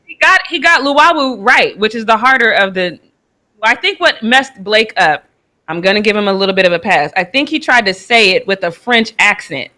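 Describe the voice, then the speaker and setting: A woman hosts a casual sports talk show with a bright, forceful tone. She speaks at an ordinary middle pitch. Her delivery is loose and conversational, and she laughs easily as she reacts to clips. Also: expressive, a little fast. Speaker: host. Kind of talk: casual commentary on sports news.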